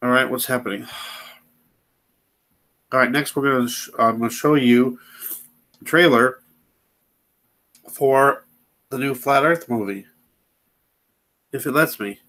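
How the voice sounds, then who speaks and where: Man, casual channel host, rambling, impatient, middle-pitched voice. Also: sharp tone, rough recording. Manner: rambling, impatient with slow computer. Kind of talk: casual commentary while browsing videos.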